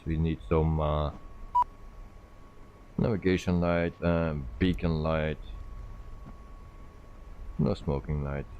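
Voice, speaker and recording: Man, very low voice, faint background hum, casual stream talk, many fillers. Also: muffled recording. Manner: relaxed, thinking aloud with many "uh" pauses. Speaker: flight sim streamer. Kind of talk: live-stream commentary.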